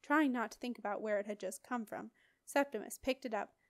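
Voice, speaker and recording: A woman narrating an audiobook chapter in a steady, expressive storytelling voice. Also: a little high, brisk, dry recording, studio quality. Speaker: audiobook reader. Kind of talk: scripted narration.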